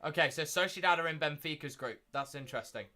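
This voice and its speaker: A young man hosting a live watchalong stream, chatting casually and repeating himself, getting loud and excited at big moments. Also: fairly high pitch, quick pace. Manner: excitable, repeats phrases, shouts when thrilled.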